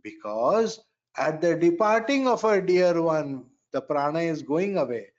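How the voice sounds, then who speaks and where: Man, spiritual lecture, very slow delivery, repeats phrases, muffled lo-fi sound. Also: fairly high pitch, big pitch swings. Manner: slow, emphatic, repeats phrases and chants mantras. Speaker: Vedic astrology teacher.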